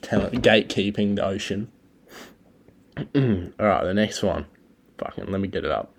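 A young Australian man with a very low voice rambles through his solo podcast. He swears constantly and talks in a loose, laid-back way. The recording is low-quality and homemade. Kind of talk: casual rambling chat.

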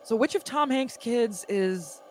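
A woman's voice: fairly high pitch, animated, a little slow, darkish tone, a little hiss or hum. A woman in casual comic conversation who laughs easily and asks wry, pointed questions. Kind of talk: casual comedic chat.

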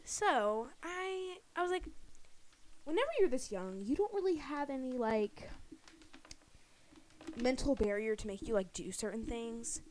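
A young woman co-hosting a podcast, telling childhood stories in casual chat with giggly, animated delivery. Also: high voice, a little slow, long pauses, a little hiss or hum. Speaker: podcast co-host.

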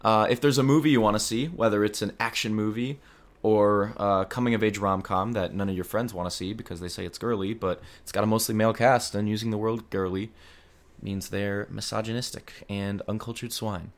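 Deadpan low-voiced young man hosting. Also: brisk. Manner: deadpan, self-deprecating. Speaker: podcast host. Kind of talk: scripted comedic monologue.

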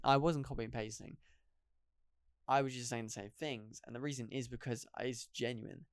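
A man's voice: medium pitch, moderate pace, smooth, dry recording, clean studio sound. A young man hosting a casual solo podcast, rambling and poking fun at himself. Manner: rambling, self-deprecating, laughs at himself. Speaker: podcast host.

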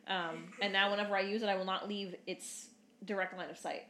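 A young woman in her twenties tells a story at a quick clip, rambling and filler-heavy, with casual swearing. Her voice sits mid-range, and the room rings with noticeable echo. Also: mid-range voice, steady tone, a bit bright, a little hiss or hum. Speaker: podcast co-host. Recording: roomy echo.

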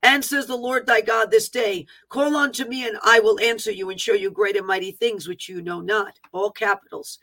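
Fervent bright-voiced woman reading prophecy. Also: mid-range voice, fairly even intonation, normal speed, few pauses. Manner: fervent proclaiming, broken by plain asides on the written text. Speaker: prophetic minister. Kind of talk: reading a prophetic word aloud.

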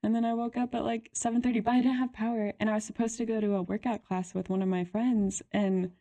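Young woman co-host with a slight vocal fry, chatty and giggly, casual storytelling. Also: fairly high pitch, little pitch movement, fast talker, mellow. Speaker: podcast co-host.

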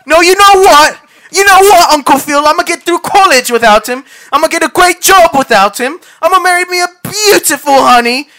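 This very high, sharp voice belongs to a man pushing his pitch up in a heavily acted, brisk and animated delivery. He's doing an amateur scene reading in a put-on British accent as a brash young man left by his father, giggling and throwing in mock-British slang.

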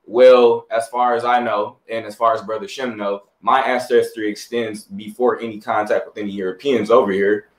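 A man's voice: on the low side, fairly even intonation, moderate pace, few pauses, roomy sound. A male host asking his guests a casual, hesitant question, with laughs and fillers. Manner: laid-back, hesitant, laughing.

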